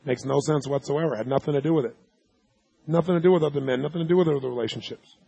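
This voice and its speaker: A man's voice: on the high side, fast, gravelly, mellow, husky, no echo. Emphatic man quizzing a seminar crowd. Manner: quizzes audience with yes-or-no questions; emphatic, storytelling delivery. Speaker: seminar speaker. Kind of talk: live seminar talk.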